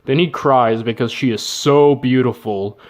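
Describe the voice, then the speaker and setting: A man's voice: medium pitch, measured pace, a little mellow. A man casually retelling an old story with jokes, slang and asides. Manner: joking, slangy, with fillers and laughs. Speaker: narrator.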